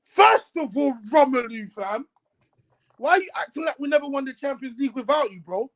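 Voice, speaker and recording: Ranting high-voiced man. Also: a little fast, poor audio. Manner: animated, ranting, repeats words, London slang. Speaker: co-host. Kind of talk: heated casual football chat.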